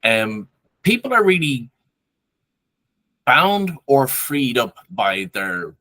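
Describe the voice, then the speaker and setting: A man's voice: medium pitch, very animated, slow, bright, forceful tone, no echo. A man with a Dublin Irish accent hosting an interview, asking long, thoughtful questions and searching for the right words. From Ireland. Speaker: podcast host, interviewer. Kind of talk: casual interview conversation.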